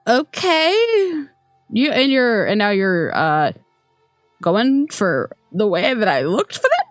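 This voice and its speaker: A woman's voice: medium pitch, huge pitch swings, slow, no room sound. A young woman casually telling a work story, chatty, with many ums and little laughs. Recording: dry close sound, faint music behind.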